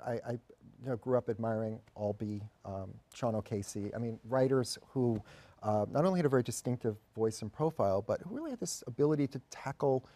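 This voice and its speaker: Reflective middle-aged man, dark dry voice. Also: mid-range voice, no room sound. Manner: measured, reflective, restarts phrases. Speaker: theater artistic director. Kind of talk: talk-show interview. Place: TV studio.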